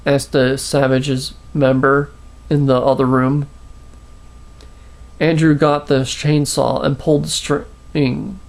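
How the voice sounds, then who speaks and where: Man, storyteller, reads own story, slow, gravelly, halting restarts. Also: mid-range voice, little pitch movement. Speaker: storyteller, channel host. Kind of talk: reading his own short story aloud.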